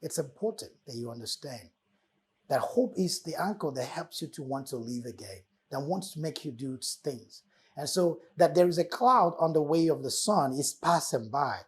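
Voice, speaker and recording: A man's voice: fairly high pitch, animated, moderate pace, husky. A man hosting a motivational talk, preaching life lessons with emphatic, repeated phrases. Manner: preacherly, repeating key words with emphatic swells. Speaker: host.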